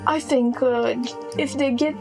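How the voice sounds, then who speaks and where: A woman's voice: sits high, fairly even intonation, measured pace, faint music behind. A woman voicing a proud, scheming queen who is plotting for her sons in a tabletop game.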